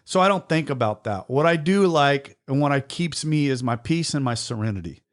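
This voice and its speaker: A man's voice: mid-range voice, moderate pace. A man hosting a podcast, telling his story in casual chat. He talks bluntly, swears freely and gets emotional. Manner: blunt and profane, animated storytelling. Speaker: podcast host in recovery.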